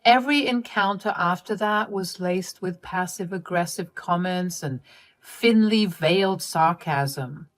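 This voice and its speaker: A woman narrating a personal family drama in an expressive, wry and exasperated way. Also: fairly low pitch, unhurried.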